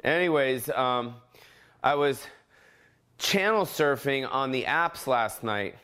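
A man's voice: mid-range voice, slow, clean tone. A man hosting his own podcast, ranting casually from home with heavy swearing and sudden mock voices. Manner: profane, animated, jumps into mock voices. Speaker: podcast host. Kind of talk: casual solo rant.

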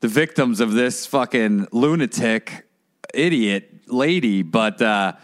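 A man's voice: medium pitch, animated, slow pace. A young man co-hosting a podcast in crude, casual chat, swearing and saying "dude" a lot. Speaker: podcast co-host.

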